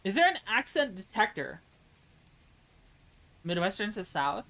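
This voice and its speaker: A woman's voice: medium pitch, sing-song, a little slow, fairly bright tone, rough recording. A woman with an American accent chatting casually on a live stream, reading chat aloud. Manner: chatty, reads chat aloud, laughs at own jokes; tries mock German accent voices.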